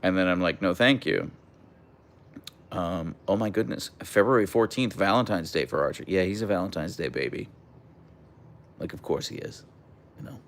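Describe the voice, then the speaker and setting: A young man hosting a casual livestream, chatting and reading out viewer comments in a relaxed way. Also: sits low, fairly quick. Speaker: livestream host reading chat. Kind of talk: casual live chat.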